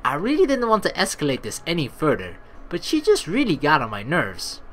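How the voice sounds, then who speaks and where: A woman's voice: deep voice, huge pitch swings, a little fast, few pauses. A woman playing through a visual novel, reading it aloud and adding casual, rambling asides. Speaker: let's play narrator.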